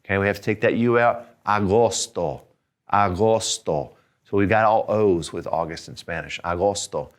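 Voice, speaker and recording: Low-voiced man teaching Spanish words. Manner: encouraging, repeats words slowly for learners to echo. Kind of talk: video language lesson.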